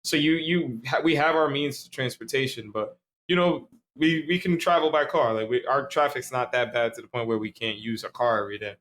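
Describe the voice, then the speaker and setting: A man's voice: mid-range voice, brisk, a bit bright. Rambling young man. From Staten Island, New York. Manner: loose, rambling, heavy slang and swearing. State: tipsy. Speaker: podcast co-host. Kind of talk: casual chat.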